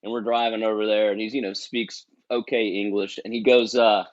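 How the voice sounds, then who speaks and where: A man chatting as a guest, telling an animated story and acting out other people's lines. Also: fairly low pitch, a little fast, dull audio. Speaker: guest musician. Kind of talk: casual chat.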